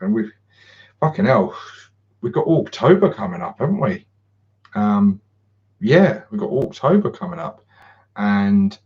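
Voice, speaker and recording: A man with a lowish voice chats loosely on a livestream, filling gaps with ums and dropping casual swears. His audio comes through dull and lo-fi. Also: a little mellow. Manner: rambling, swears freely, many ums, chuckles. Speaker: channel host.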